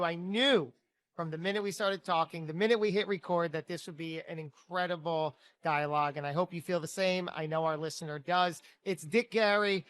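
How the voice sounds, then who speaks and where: A man's voice: fairly high pitch, steady tone, normal speed, a bit bright, smooth, no room sound. A man hosting an interview show, effusive and upbeat as he wraps up and thanks his guest. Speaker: podcast host. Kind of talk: interview and promo outro.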